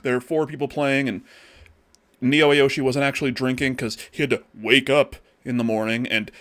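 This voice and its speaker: A man's voice: medium pitch, flat delivery, normal speed, a bit bright, no room sound. A man co-hosting a podcast, talking in a mid-range voice with loose, rambling chat full of restarts and casual swearing. The recording is dry and close, with no room sound. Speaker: podcast co-host. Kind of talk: casual chat on a live stream.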